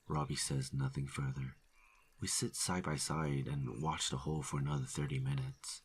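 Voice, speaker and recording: A man narrating a first-person horror story in a steady, low-key delivery. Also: moderate pace, slight background noise.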